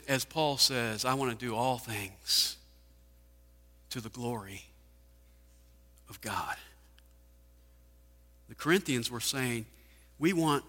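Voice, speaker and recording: A man's voice: medium pitch, pushed and bright. A man preaching a sermon, firing off rhetorical questions with emphasis. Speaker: pastor. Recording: hall reverb.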